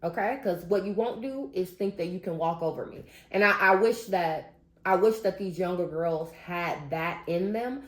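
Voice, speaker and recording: A woman's voice: on the low side, expressive, normal speed. A grown woman talking straight to her viewers, venting in emphatic casual commentary. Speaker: vlogger. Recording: roomy echo.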